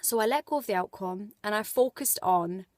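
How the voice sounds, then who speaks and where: A woman's voice: medium pitch, moderate pace, no echo, clean studio sound. A woman, chatting in a casual motivational vlog with lots of fillers. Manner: chatty and animated, with many fillers. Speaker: vlogger. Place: indoors as light fades.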